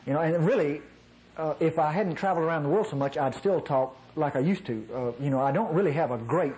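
A man's voice: on the high side, a little mellow, low-quality recording. A man from North Mississippi with a nasal voice, preaching a conversational sermon in a folksy way, often chuckling at his own asides.

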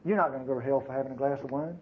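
A man's voice: mid-range voice, very fast, phone-quality sound, slight background noise. A man preaching a sermon to his congregation in a folksy, conversational way, with frequent asides to the listeners. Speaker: pastor.

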